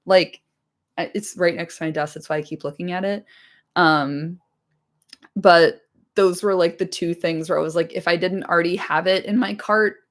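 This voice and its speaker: A woman streamer chatting casually to her live audience after a reading, enthusiastic and swearing freely, her voice slightly hoarse. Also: lowish voice. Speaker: streamer reading a book aloud.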